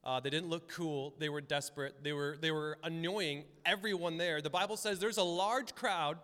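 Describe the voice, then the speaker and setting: A man's voice: on the high side, steady tone, moderate pace, bright, forceful tone. A man preaching a casual, conversational sermon as a pastor, often acting out the voices in his stories. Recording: long hall reverb.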